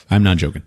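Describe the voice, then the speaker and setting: A man's voice: darkish tone, no room sound, studio quality. A man casually recapping a film on a podcast, acting out the characters' lines, laughing often and swearing freely. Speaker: podcast host.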